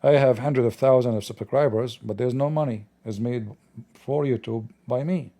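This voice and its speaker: A man's voice: medium pitch, moderate pace, warm tone. A man hosting a livestream, talking in a sarcastic, mocking way in non-native English. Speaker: livestream host. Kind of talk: livestreamed commentary.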